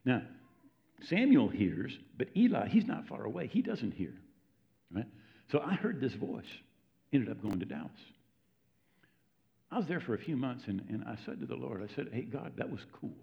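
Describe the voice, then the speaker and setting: A man's voice: mid-range voice, sing-song, normal speed, creaky, pauses often. A man preaching a sermon in a conversational, storytelling way, often checking in with his listeners. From United States. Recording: dull lo-fi recording.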